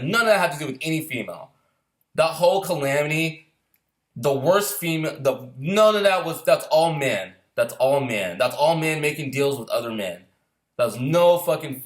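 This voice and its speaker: Man, quick and fired-up, rapid profane rant, slightly high voice, echoey room. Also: fairly bright tone. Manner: heated, profane, fires rhetorical questions. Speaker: filmmaker sharing opinions. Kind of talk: casual rant. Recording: roomy echo.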